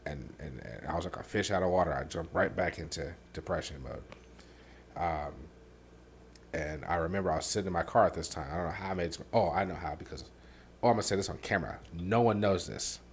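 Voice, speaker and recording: Man, very low pitch, podcast host, candid halting storytelling, soft on painful moments, faint background noise. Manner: halting, many fillers and restarts; softens and drops low on painful parts.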